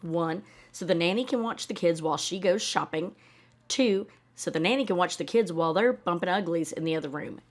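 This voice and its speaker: A woman's voice: lowish voice, fairly quick. A woman commenting on a reality show in a blunt, sarcastic, swearing rant. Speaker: reaction video host.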